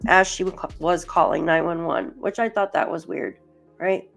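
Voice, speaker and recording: A woman's voice: lowish voice, normal speed, creaky, soft background music. A woman hosting a casual true crime livestream, rambling chattily with lots of "like" as she talks to viewers by name and reads through case documents. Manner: chatty and rambling, heavy use of "like"; addresses chat viewers by name.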